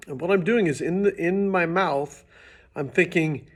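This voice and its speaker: A man teaching beginning trumpet, his voice sitting a little higher than most men's. He explains patiently and casually, now and then restarting a phrase as he demonstrates. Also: moderate pace. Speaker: music teacher. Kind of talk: instructional demonstration.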